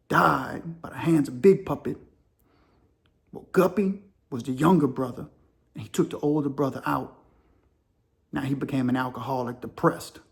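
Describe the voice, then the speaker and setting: With a darkish, medium-pitched voice and some vocal fry, this host of a crime and prison story channel talks in relaxed street slang. He pushes his arguments through sharp rhetorical questions.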